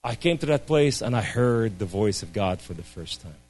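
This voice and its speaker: A man giving an impassioned testimony sermon, swinging between loud cries and hushed, low speech. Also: expressive, normal speed.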